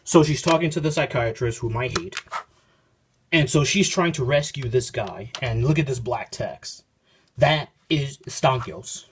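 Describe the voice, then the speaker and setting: A man's voice: mid-range voice, unhurried, slight background noise. A man casually reviewing a comic book, reading and paraphrasing panels aloud in a rambling, self-interrupting way, recorded on his phone.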